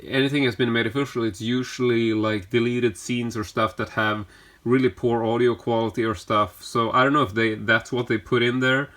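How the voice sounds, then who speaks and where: A man's voice: mid-range voice, fairly even intonation, moderate pace, fairly bright tone. Rambling male collector, casual vlog. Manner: rambling, filler-heavy, self-correcting. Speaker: collector showing his collection.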